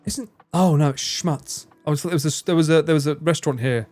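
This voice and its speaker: A man's voice: on the high side, fairly quick, darkish tone, faint music behind. A man from England with an Essex accent, chatting casually and teasingly with viewers on a live stream, swearing and laughing often. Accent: English, Essex.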